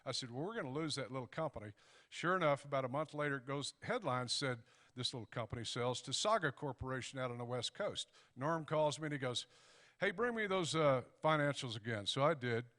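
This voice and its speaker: A middle-aged man tells an anecdote to a club audience in a relaxed, folksy way. He acts out both sides of old conversations as he goes. His voice carries a long, reverberant hall tail. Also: mid-range voice, fairly quick. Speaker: guest speaker. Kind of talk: storytelling speech. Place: banquet hall.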